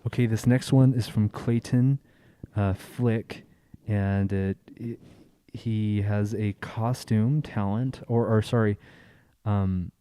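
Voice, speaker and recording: A man hosting a casual chat show, introducing viewer videos in a halting way with many pauses and restarts. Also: on the low side, steady tone, mellow, smooth, no echo. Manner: halting, full of fillers and restarts. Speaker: show host.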